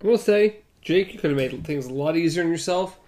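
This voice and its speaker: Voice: medium pitch, brisk. A co-host chatting casually about a novel and reading passages aloud. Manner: chatty, animated, laughs easily. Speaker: co-host and reader.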